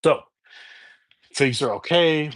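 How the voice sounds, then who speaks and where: A man's voice: on the high side, animated, takes it slowly, a bit bright. A man hosting his own review channel, casually retelling a film's plot off the top of his head with frequent restarts and fillers. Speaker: movie reviewer. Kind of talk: casual spoken film review.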